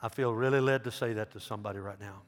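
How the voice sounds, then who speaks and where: A middle-aged man, a pastor giving an earnest altar call, swinging between loud emphasis and hushed pleading. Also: on the low side, steady tone, fast talker. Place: large church sanctuary. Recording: long hall reverb.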